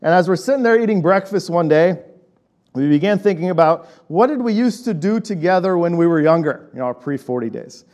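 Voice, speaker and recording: Pastor, man in his late 30s, casual sermon delivery, slightly higher voice, checks in with the room. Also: expressive, a little fast, darkish tone. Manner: conversational, checks in with "right?".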